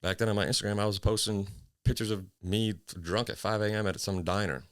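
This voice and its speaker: A podcast host with a lowish voice and a steady tone talks a little fast and smoothly, recorded at studio quality with no room sound. Hosting a casual solo show from a small home office, he rambles, swears freely, jokes at his own expense and is slightly out of breath.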